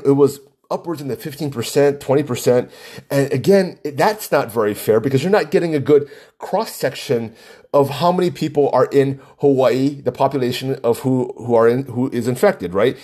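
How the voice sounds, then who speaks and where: A man's voice: medium pitch, moderate pace, mellow. Chatty man rambling on his podcast. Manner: rambling, chatty, frequent fillers and restarts. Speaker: podcast host. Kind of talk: casual solo podcast talk. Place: Hawaii.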